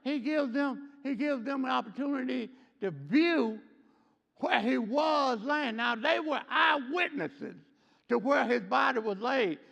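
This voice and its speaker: A man teaching a Sunday school lesson, preaching with call-and-response and swinging between loud emphatic lines and quiet low ones. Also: vocal fry, long reverb tail, dull audio. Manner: call-and-response, repeats "hello" and "what?". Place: church.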